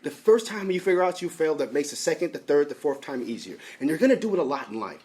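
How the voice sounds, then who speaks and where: A man co-hosting a podcast, his voice sitting a little high and swinging widely as he talks. He speaks casually, with eager, encouraging remarks. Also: very animated, fast, darkish tone. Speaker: podcast co-host. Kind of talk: casual chat.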